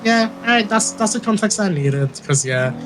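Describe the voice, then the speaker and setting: A person roleplaying a supervisor who checks in with an officer in an easygoing, relaxed way. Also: mid-range voice, normal speed, noisy background. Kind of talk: in-character roleplay chat.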